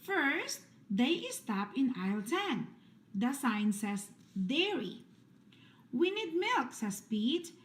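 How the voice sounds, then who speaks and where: A woman reads a picture book aloud for children, taking her time over each line. Her voice is fairly high and swoops up and down with lively, sing-song emphasis. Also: slow pace. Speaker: storybook reader.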